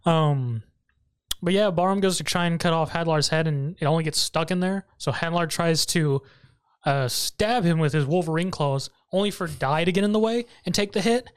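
An animated podcast host recaps an episode in loose, casual chat, laughing often and breaking into sudden high squeaks of amusement. The voice is mid-pitched and lively. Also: moderate pace, clear, resonant tone.

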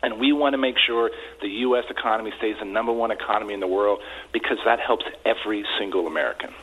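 A man's voice: fairly low pitch, fast talker, fairly bright tone, slightly rough. A congressman giving earnest interview answers by phone, often repeating words as he starts his sentences. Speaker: congressman guest. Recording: tinny phone line.

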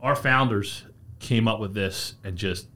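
A man's voice: fairly low pitch, unhurried, bright, forceful tone. A man speaking as a guest in a casual interview, telling stories with lots of restarts. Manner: anecdotal, many restarts and "he goes". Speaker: guest, brand representative.

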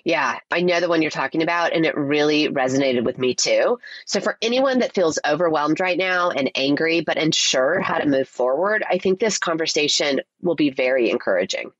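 A woman co-hosting a podcast, stuffed up from a cold, talking in an upbeat, expressive way. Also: low-pitched, moderate pace, few pauses, no room sound, dull audio. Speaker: podcast co-host. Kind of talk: podcast intro and casual chat.

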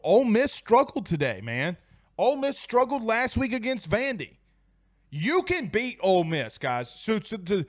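In a dry, clean studio recording, a young man with a high-sitting voice hosts a sports livestream. He's tipsy from whiskey and reads out viewer comments in a rowdy, profane, laughing manner.

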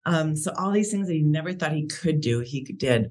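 A woman's voice: low-pitched, fairly even intonation, a little fast, hardly any pauses, darkish tone. A woman, a podcast guest, telling a heartfelt personal story about her brother and often laughing between sentences.

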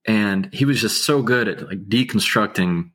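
A man with a very deep, slightly husky voice speaks slowly and evenly. His delivery is measured and soothing, with an unhurried calm. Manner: slow, measured, unhurried speech. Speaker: guest, attorney. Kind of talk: casual interview talk.

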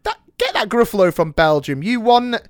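A man's voice: high voice, animated, normal speed, no echo, clean studio sound. A man in his thirties hosting a podcast in casual chat, upbeat and bantering, making playful sound-effect noises. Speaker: podcast host.

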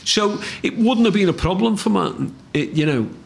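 A man's voice: high voice, lively intonation, moderate pace, gravelly, slight background noise. A man with a Liverpool accent speaking earnestly in an interview, rambling with many fillers. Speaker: TV writer and former police officer.

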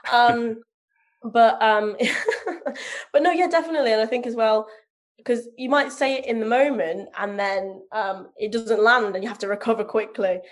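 A woman's voice: fairly high pitch, moderate pace. A woman from England in casual conversation, talking about comedy and improv with frequent laughs and filler words. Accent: neutral southern English. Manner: chatty, laughs often, many ums. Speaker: podcast guest, comedian. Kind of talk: casual chat.

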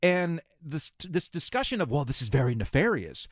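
Brief: male sports talk host, sarcastic and fired up, lively pitch, dry studio sound. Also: moderate pace, no room sound. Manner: sarcastic, ranting, mocking voices of officials.

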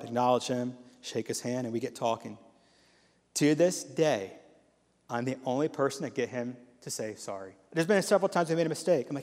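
A man's voice: a little high, expressive, fast talker. A man in his thirties giving a sermon as a guest preacher in a church. He talks in a casual, storytelling way, full of asides. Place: church sanctuary. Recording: long hall reverb.

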